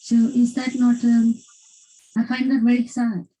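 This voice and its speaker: Hesitant woman with a husky voice. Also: on the high side, flat delivery, a little slow, dark tone, low-quality recording. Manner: hesitant, with many fillers. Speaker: class participant asking a question. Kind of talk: asking a question in an online class.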